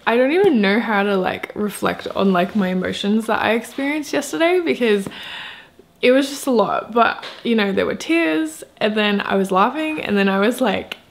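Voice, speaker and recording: A woman's voice: mid-range voice, expressive, normal speed, vocal fry. A young woman chatting casually in a vlog about books, rambling and enthusiastic with lots of filler words. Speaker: book vlogger.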